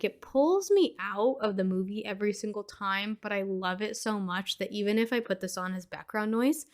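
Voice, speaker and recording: A woman talks through a horror film scene by scene in a relaxed, chatty podcast recap. Her pitch sits in an ordinary middle range, and her delivery is loose and conversational, full of little fillers. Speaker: podcast host. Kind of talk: casual movie recap.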